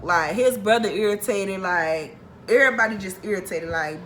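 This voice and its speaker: Brief: young woman vlogger, storytime, bright sharp voice, profane, animated, worked-up delivery. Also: mid-range voice, moderate pace, a little hiss or hum, poor audio. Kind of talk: storytime vlog.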